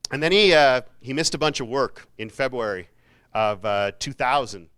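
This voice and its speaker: A man's voice: medium pitch, expressive, moderate pace, a bit bright, clean tone. A man giving a casual, jokey motivational talk to students, with self-mocking asides, speaking in a university hall. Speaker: keynote speaker.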